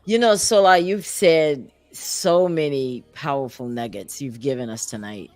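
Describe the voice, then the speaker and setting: A woman's voice: rumbling low, unhurried, a little mellow, no echo. A woman hosting an interview show, affirming her guest and asking searching questions, often restarting her sentences. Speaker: show host.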